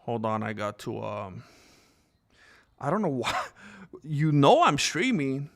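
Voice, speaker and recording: Animated young-sounding man ranting. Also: medium pitch, takes it slowly, gravelly. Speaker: streamer and fight commentator. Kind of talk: casual live-stream commentary.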